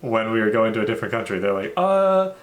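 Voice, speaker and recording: A man's voice: lowish voice, racing. A man hosting a reaction video, chatting casually and playfully, acting out little stories as he goes. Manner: playful, jokey, animated storytelling. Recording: echoey room with faint music.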